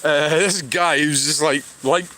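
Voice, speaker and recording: In a steady, sharp mid-range voice at normal speed, a Scottish vlogger livestreams while walking alongside a road. The speaker rambles, sighs, and keeps restarting thoughts.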